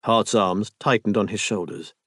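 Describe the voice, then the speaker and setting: A man narrating a romance audiobook in an expressive, intimate reading. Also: on the low side, moderate pace, husky, no echo, studio quality.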